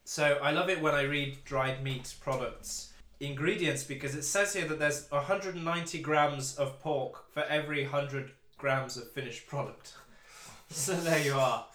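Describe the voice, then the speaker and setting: Young man hosting, bright and wry. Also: on the high side, normal speed, roomy sound. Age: young adult. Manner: wry, mock-formal, laughing often. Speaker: podcast host. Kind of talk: casual food review chat. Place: room with friends around a table.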